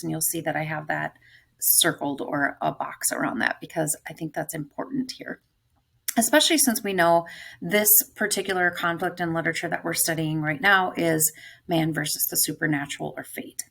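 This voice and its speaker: A woman teacher with a low, gravelly voice walks through a story line by line. She muses aloud in a thoughtful, unhurried way, pausing to question the text. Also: steady tone, fairly bright tone. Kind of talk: close-reading lesson.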